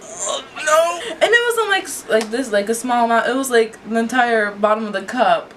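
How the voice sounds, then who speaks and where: A woman's voice: a little high, fairly quick. Chatty laughing woman, distant noisy mic. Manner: laughing, animated storytelling full of "like". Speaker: co-host of a fan review video. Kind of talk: casual chat. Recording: distant mic with clear background noise.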